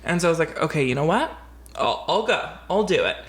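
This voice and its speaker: A woman co-hosting a podcast, telling a story in a casual, animated way, acting out quotes and swearing freely. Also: low voice, fast talker. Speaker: podcast co-host. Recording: roomy echo.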